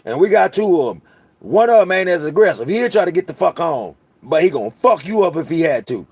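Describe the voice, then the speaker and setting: Man, Southern North Carolina accent, gravelly voice, profane rambling host, dry close sound. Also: on the high side, big pitch swings, fairly quick, a little mellow, dry recording. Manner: profane, rambling storyteller talking to viewers. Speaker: channel host. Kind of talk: casual livestream chat.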